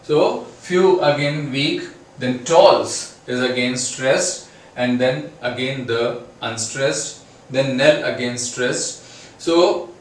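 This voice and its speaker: A man with an Indian English accent lecturing on poetry, slowly, with frequent pauses and fillers. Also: mid-range voice. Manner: slow, many pauses and fillers. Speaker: literature lecturer. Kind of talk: classroom lecture. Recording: roomy echo, a bit distant.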